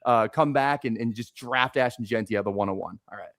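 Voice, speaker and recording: A man's voice: mid-range voice, a little fast, a bit bright, no echo, studio quality. A man in easygoing, rambling live-stream chat, with plenty of fillers. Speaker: co-host.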